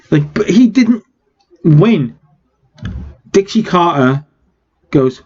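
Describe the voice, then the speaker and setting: A man's voice: a little high, animated, slow pace, long pauses, darkish tone, slightly rough, highs cut off. A man casually recapping a wrestling management game, chatty with wry asides. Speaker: game let's-player.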